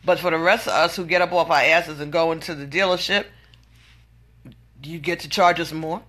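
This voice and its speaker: Woman vlogger, venting monologue, exasperated and incredulous, bright forceful tone. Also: low-pitched, steady tone, normal speed.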